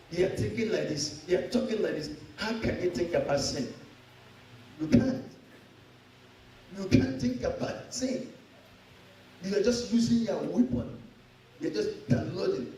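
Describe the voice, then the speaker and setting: A man with a high voice preaches with emphatic, repetitive exhortation. He sounds far from the mic in a big, echoing church hall. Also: dark tone, slight background noise. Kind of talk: sermon with call-and-response.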